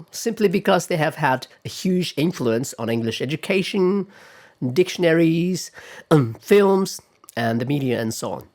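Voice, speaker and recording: Man lecturing, pausing on okay. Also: on the high side, a little mellow. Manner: measured, often pausing with "okay" and "all right"; models sample words aloud. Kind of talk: classroom lecture on pronunciation.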